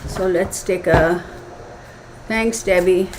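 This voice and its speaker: A woman talks through a live tarot reading with many fillers and restarts. She pauses to think as she goes. A faint noise hums behind her voice. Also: fairly low pitch, fairly even intonation. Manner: hesitant, filler-heavy, thinking aloud. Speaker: tarot reader.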